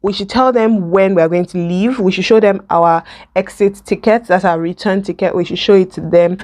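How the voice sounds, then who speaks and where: A young woman with a Nigerian accent telling a story in a casual vlog while doing her makeup, lively and laughing often. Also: medium pitch, brisk. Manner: animated, mixes in Pidgin and laughs. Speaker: vlogger.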